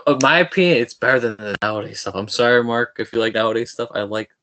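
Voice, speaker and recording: A young man hosts a podcast with eager, fanboyish chatter, tripping over his own starts. His voice sits at an everyday medium pitch. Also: fast, pushed and bright. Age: young adult. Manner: eager, fanboyish, stumbling restarts. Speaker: podcast host. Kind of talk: casual interview chat.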